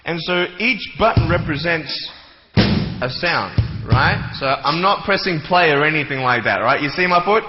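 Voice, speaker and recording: A man's voice: a little high, lively intonation, measured pace, music in the background. A young man, giving a joking motivational talk to a live audience in a large hall and acting out little scenes as he goes. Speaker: motivational speaker. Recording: echoey hall, slightly dull sound.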